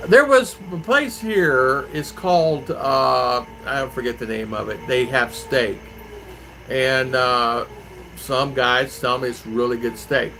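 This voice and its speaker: A man from Arizona hosts a relaxed live stream, rambling from one topic to the next as he answers viewer comments. His voice sounds bright and forceful at a middle pitch, with a faint hum of noise underneath. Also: takes it slowly, gravelly, rough recording. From Arizona, USA. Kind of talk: casual live stream chat.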